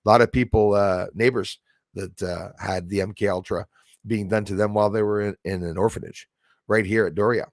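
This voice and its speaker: A man's voice: fairly low pitch, steady tone, a little fast, no room sound, studio quality. A man from Canada hosting a casual livestream, talking in an emphatic, rambling way with many fillers and restarts. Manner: reads out and thanks viewers in chat. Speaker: livestream host.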